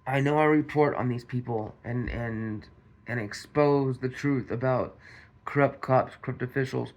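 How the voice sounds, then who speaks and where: Male commentary host, unhurried delivery, mid pitch, repetitive rhetorical style. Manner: repetitive, restarts, rhetorical questions to viewers. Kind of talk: casual commentary monologue.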